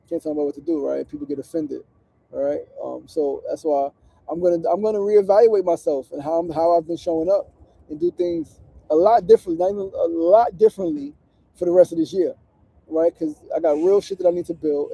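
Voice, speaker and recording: This is a man hosting a casual livestream outdoors on a street corner. His voice sits high for a man, yet it sounds gravelly and very dark in tone. He talks earnestly and emotionally, with plenty of swearing. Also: no echo, rough recording. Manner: earnest, emotional, profane and conversational. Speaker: livestream host and community organizer. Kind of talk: casual motivational livestream talk.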